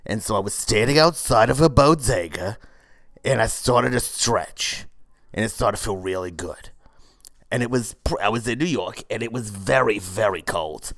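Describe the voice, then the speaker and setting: A brash woman in her forties who runs a struggling cold-yoga studio, voiced by a man without much change to his own voice rambles through a comedy monologue. The voice sits fairly low and is recorded dry, with no room sound. She stumbles over "uh" and "you know" and drops crude remarks in a flat, matter-of-fact way. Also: moderate pace, no echo. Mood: rambling.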